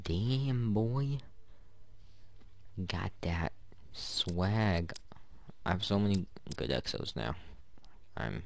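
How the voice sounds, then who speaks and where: A man's voice: deep voice, creaky, no echo. A man giving rambling, joking commentary to himself while opening loot in a video game. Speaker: gaming YouTuber. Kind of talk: casual gameplay commentary.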